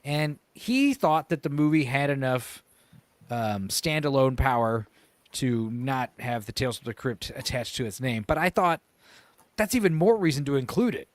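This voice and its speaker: A man's voice: medium pitch, lively intonation, dry recording. Rambling man on a dry mic. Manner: rambling, full of pauses and self-corrections. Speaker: podcast host. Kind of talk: casual movie chat.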